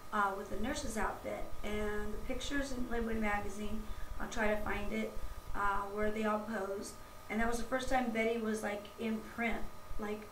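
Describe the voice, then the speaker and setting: Woman vlogger, chatty and gushing, distant mic with faint hiss behind. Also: mid-range voice. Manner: effusive, gushing, lots of fillers and restarts. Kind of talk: casual rambling anecdote. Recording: roomy, off-mic, faint background noise.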